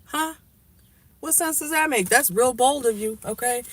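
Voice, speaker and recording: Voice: high-pitched, normal speed, fairly bright tone, a little hiss or hum. Tarot reader rambling in a car, blunt and sweary, casual reading for viewers. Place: inside a car.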